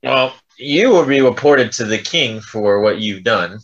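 A man's voice: mid-range voice, animated, measured pace, a bit bright, muffled recording. A man playing a tabletop role-playing game, speaking formally and haughtily in character. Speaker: player. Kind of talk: tabletop role-play banter.

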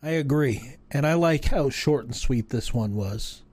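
A man's voice: mid-range voice, expressive, measured pace, darkish tone, no echo. Dry-voiced man wrapping up a podcast. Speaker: podcast co-host. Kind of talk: casual show outro.

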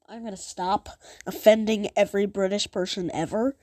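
A woman's voice: mid-range voice, fairly even intonation, moderate pace, darkish tone, no room sound, clean studio sound. A woman hosting a podcast in a casual, self-mocking, rambling way. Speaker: podcast host.

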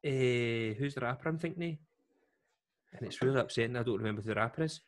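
This is a Scottish man spinning a story in a loose podcast chat. He is animated and full of slang, and he drops into the voices of the people in his story. His voice sits in an ordinary middle range. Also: medium pitch, brisk. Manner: lively storyteller, slangy, acts out quotes. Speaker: guest telling a story.

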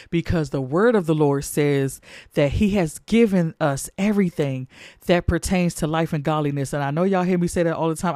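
A man delivers a fervent sermon, repeating phrases to drive his points home. His voice sits a little higher than most men's. The sound is dry and close, with no room echo. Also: warm tone. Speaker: preacher.

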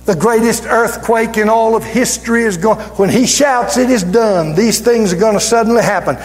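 Fervent high-voiced preacher in a church hall. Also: male voice. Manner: fervent, rising to shouts, drawn-out emphatic words. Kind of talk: sermon. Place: church sanctuary. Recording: reverberant church hall with music.

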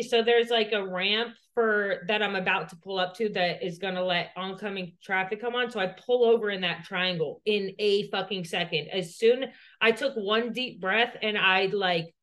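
On a podcast she co-hosts, a woman with a mid-range, fairly bright voice rambles through a personal story. Her telling is profane and packed with "like".

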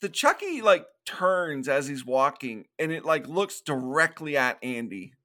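A man with a bright, forceful voice co-hosts a casual podcast. He walks through film scenes and breaks into quick acted-out quotes, laughing often as he goes. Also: a little high, very animated. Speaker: podcast co-host. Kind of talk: casual movie recap chat.

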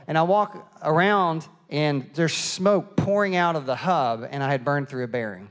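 A middle-aged man preaching a sermon and telling a lively, self-mocking story, acting out the people in it. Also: on the high side, normal speed, hardly any pauses. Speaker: pastor. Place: church auditorium. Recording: long hall reverb.

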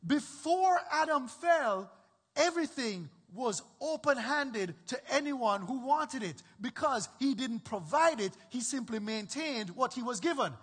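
A man's voice: very high-pitched, animated, a little slow, fairly bright tone, husky, big-room sound. A man preaching a sermon as pastor, emphatic and repetitive, often checking in with his listeners.

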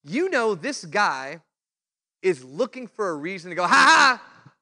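A male preacher delivering a sermon with a high, bright voice. He tells stories with lively energy and briefly slips into the voices of the people he quotes. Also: unhurried. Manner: animated storytelling, acts out quoted voices.

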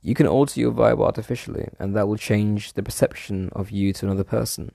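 Man, casual monologue, mellow gravelly delivery, digressive and loose, dry sound. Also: lowish voice, fairly even intonation, a little fast, no room sound. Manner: rambling, digressive, casually swearing.

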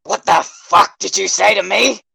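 A man voicing a furious, hot-headed teenage boy who shouts and curses in a fan audio drama. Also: sits high, big pitch swings, normal speed, vocal fry, slightly rough, dry recording, exaggerated voice. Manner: shouting, cursing, barking commands.

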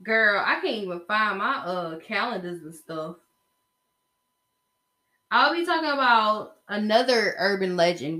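A young woman hosting her own podcast, chatting casually and animatedly, getting excited as she tells stories. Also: on the low side. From Atlanta area. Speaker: podcast host. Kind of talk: casual solo podcast chat.

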